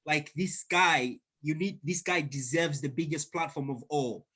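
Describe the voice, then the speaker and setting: A man's voice: on the high side, measured pace, sharp tone, breathy edge. A man hosting a podcast, tearful and effusive, heaping repeated praise on his guest. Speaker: podcast host. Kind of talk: emotional interview wrap-up.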